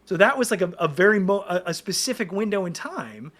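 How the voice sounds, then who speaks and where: A man in his forties, a podcast guest, telling stories in casual chat in an excited, rambling way with many restarts. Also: high voice, fairly quick, a crowd in the background.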